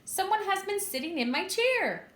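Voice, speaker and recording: A woman voicing a great big father bear in a loud storybook voice. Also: very high-pitched, sing-song, moderate pace, voice pushed up, full character voice. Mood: indignant. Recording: echoey room.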